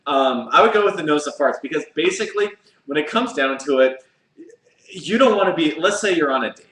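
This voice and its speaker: A man's voice: a little high, expressive, a little fast, a bit bright. A man co-hosting a casual live chat show, spinning crude, rambling what-if stories and laughing along. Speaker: co-host. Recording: echoey room.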